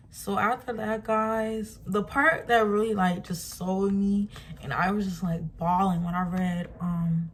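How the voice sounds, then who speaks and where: A woman's voice: medium pitch, steady tone, a little slow, slight background noise. A young woman telling her personal faith testimony in a casual vlog, earnest and emotional, saying "like" often. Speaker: vlogger sharing faith testimony.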